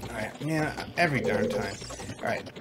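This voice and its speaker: A man's voice: medium pitch, normal speed, very noisy. A man giving casual playthrough commentary, chatty and self-deprecating, laughing at his own slips. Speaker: gaming channel host. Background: game music.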